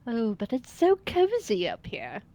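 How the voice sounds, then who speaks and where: A woman voicing a cryptic, sinuous snake creature in a tabletop game, speaking with slow, teasing menace. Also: on the high side, wildly swooping pitch, mellow.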